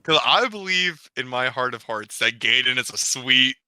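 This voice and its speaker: A man's voice: medium pitch, lively intonation, normal speed, bright, forceful tone, no echo. A young man in casual podcast chat, rambling and emphatic, swearing freely as he vents about a game.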